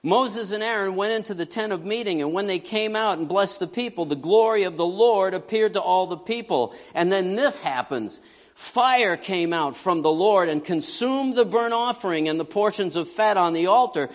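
A middle-aged male pastor preaching in a conversational, joking style, his voice sitting a little high for a man. He swings from loud bursts to hushed asides. The sound carries the long reverb of a large church hall. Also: normal speed. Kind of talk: conversational sermon. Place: church sanctuary.

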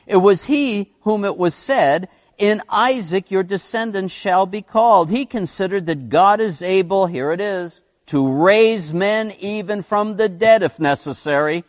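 A man preaching a sermon as pastor, with animated delivery, swinging his pitch and volume and acting out quotes. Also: a little slow, big-room sound.

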